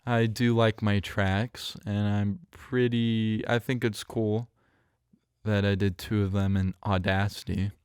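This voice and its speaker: A young man hosts a podcast, rambling through a story in casual conversation, full of fillers, restarts and self-corrections. His voice sits on the low side with little pitch movement, slow, slightly mellow and smooth. It's a dry, clean studio recording made close up on a studio mic.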